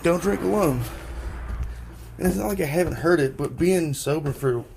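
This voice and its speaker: A young man rambling casually on his own vlog, thinking out loud and swearing freely as he talks outdoors into a phone. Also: fairly high pitch, moderate pace, creaky, a little hiss or hum. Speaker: podcast host, delivery driver. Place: outdoors at home.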